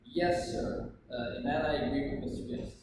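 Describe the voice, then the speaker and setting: An actor playing a modest, hesitant merchant on the witness stand in a live courtroom reenactment, speaking deferentially. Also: male voice, mid-range voice, fairly even intonation, normal speed, close to an everyday voice. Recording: echoey hall, distant mic, loud noise.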